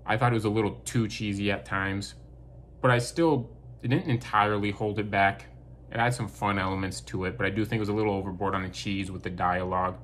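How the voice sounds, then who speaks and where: A man talks through a film review in a relaxed, conversational way. His voice sits a little low, and he gives his opinions bluntly and candidly. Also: fairly quick, slight background noise. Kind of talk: casual spoken review.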